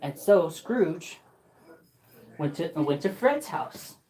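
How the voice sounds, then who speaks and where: Woman storyteller, slow and lilting, relaxed. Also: lowish voice. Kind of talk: live storytelling.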